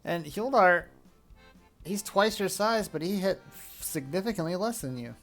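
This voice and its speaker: A man narrating as game master of a tabletop game in a relaxed way, with fillers. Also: high voice, a little slow, soft background music.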